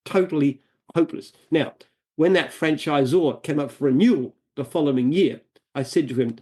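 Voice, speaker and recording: A man's voice: fairly high pitch, moderate pace, dark tone, slightly rough. An Australian man, a business founder, answering interview questions in an earnest, emphatic way, often repeating and restarting phrases. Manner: earnest, emphatic, repeats himself when explaining. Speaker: franchise founder, guest.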